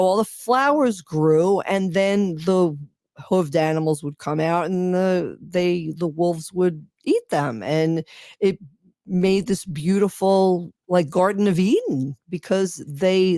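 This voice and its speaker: A woman's voice: lowish voice, takes it slowly, mellow, no room sound. A woman with a scratchy voice talks as a guest on a radio show. She rambles and restarts in a casual, storytelling way. Her voice sounds close and dry, with no room around it. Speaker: guest volunteer advocate.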